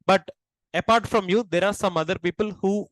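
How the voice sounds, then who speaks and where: A man's voice: high voice, moderate pace, a bit bright, dry recording, rough recording. A man with an Indian accent giving a classroom lecture, asking the class questions and repeating key points. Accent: Indian English. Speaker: teacher.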